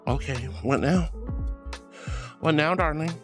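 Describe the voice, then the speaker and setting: A woman's voice: low-pitched, a little slow, music in the background. A woman streaming as a VTuber, reading chat aloud with a playful, affectionate manner and frequent laughs. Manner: affectionate, calls viewers darling.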